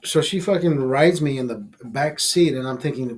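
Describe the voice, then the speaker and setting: Speaking at normal speed in a mid-range voice, a livestream host launches into a profane storytelling rant. The tale he tells is crude and bitter, packed with swearing.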